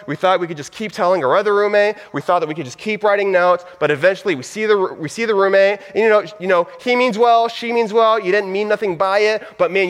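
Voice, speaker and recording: A high-pitched man gives a casual, story-driven sermon. He acts out everyday moments in quick quoted voices, and his words ring out with a long hall reverb. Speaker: pastor.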